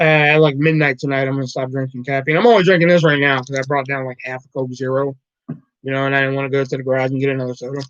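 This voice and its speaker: A man's voice: medium pitch, a bit bright, dry recording. Rambling, profane man on a lo-fi mic. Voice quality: profane, rambling, laughs often. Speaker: livestream host. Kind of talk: casual storytelling to a live chat. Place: at home. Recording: dull lo-fi dry mic.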